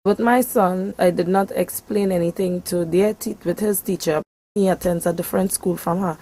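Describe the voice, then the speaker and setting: A woman's voice: medium pitch, background noise. A young woman with a Trinidadian accent, speaking as a mother in a documentary interview, telling her story in an earnest, heartfelt way. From Trinidad and Tobago.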